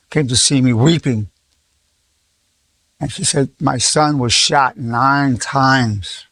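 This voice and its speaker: Medium-pitched with vocal fry, this eighty-something psychologist teaches casually, weaving in stories as he goes. He tends to repeat words and start over, and he performs the dialogue he quotes. The recording is dry.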